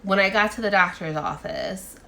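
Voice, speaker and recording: A chatty woman vlogger recounting a doctor's appointment in a loose, talkative way, her speech peppered with "like." Her mid-range voice carries a gravelly, fry-tinged texture. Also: mid-range voice, wildly swooping pitch, normal speed, sharp tone, a little hiss or hum. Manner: talkative, many "like" fillers. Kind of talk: casual chatty retelling of a doctor visit.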